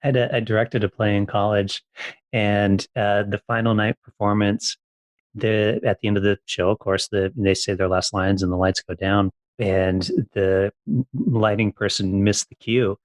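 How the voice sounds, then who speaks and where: A man hosting a casual interview, relaxed and teasing as he tells his own stories. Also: lowish voice, normal speed, no room sound. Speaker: interview host.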